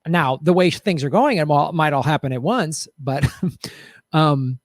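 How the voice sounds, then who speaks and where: A man's voice: fairly high pitch, measured pace, dry recording, studio quality. A man hosting a show, talking in a casual, reflective and rambling way to his viewers, with many fillers and restarts. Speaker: show host. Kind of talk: casual commentary to live chat.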